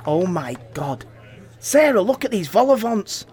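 A man's voice: high-pitched, big pitch swings, a little slow, background noise. A middle-aged actor playing a blustering, sarcastic father at his daughter's wedding in a TV drama. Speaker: father of the bride.

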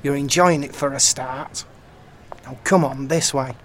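A young Englishman, played by a man with a mid-pitched, ordinary voice, coaxing his friend along. He talks steadily and reassuringly, firm when he needs to be, over a faint hiss. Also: steady tone, unhurried, natural voice. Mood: worried, firm. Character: young man, steady friend looking after a drugged mate. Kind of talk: audio drama acting.

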